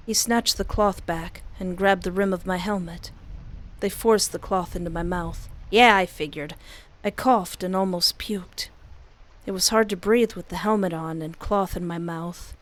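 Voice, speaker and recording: A woman reading a story aloud, often breaking off into excited, squealing asides. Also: mid-range voice, normal speed. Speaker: story reader.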